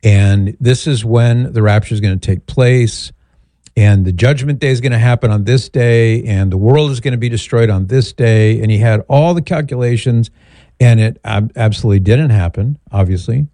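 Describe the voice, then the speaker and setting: A middle-aged man hosting a call-in show, answering a caller in a measured, thoughtful way with rambling asides. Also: medium pitch, warm tone, no echo. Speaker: radio show host. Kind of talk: call-in advice talk.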